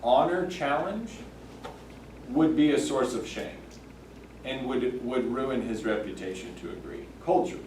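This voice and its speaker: A man teaching a church Sunday school class, thoughtful and halting, with many fillers and restarts. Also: medium pitch, background noise. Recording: echoey room, mic far off.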